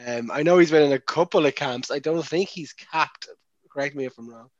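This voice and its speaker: Halting Irish man in sports chat. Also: a little high, no room sound, highs cut off. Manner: halting, filler-heavy. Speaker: podcast co-host.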